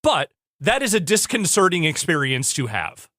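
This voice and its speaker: A male podcast co-host with a bright, forward voice cuts in with wry jokes and measured takes. His pitch is lively and on the high side. The sound is dry and close-miked. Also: no room sound. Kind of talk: casual chat.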